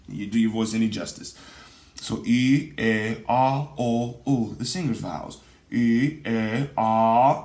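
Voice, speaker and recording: Male vocal coach, lively pitch, energetic and coaxing, echoey room with guitar. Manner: energetic, coaxing, sings examples between spoken pointers. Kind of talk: vocal warm-up lesson. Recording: roomy sound over guitar accompaniment.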